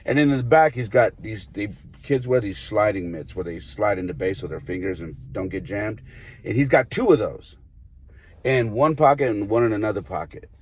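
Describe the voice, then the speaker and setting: A man, a baseball coach, telling a story in a casual podcast chat, animated and acting out the people in it. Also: fairly low pitch, normal speed, husky. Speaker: high school baseball coach.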